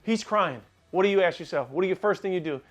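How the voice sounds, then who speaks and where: Emphatic, lecturing man with a higher voice. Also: lively intonation, fast talker, dull audio. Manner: emphatic, lecturing, acts out little scenes. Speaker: podcast co-host, dog breeder. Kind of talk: casual podcast chat.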